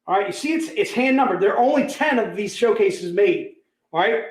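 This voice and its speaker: A high-voiced man hosts a livestream sale of collectibles with hyped, joking energy. His voice rings out in an echoey room. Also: animated, fairly quick. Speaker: host selling collectibles. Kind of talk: livestream sales pitch.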